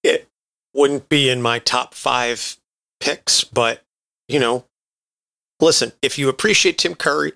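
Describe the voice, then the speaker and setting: A man speaking as a guest on a casual podcast, measured and thoughtful. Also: medium pitch, gravelly, sharp tone, no room sound.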